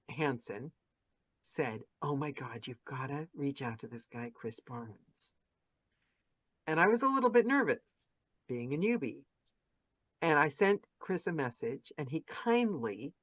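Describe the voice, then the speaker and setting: This podcast host, a woman with a low voice, chats effusively with narrators over a video call, gushing and restarting her sentences. The audio is dull, lo-fi and echo-free.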